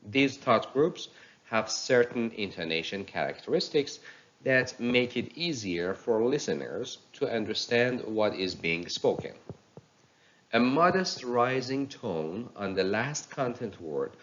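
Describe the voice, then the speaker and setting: A man teaching pronunciation in a recorded lecture, explaining slowly and reading example sentences aloud. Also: mid-range voice, lively intonation, a bit bright, muffled recording, a little hiss or hum.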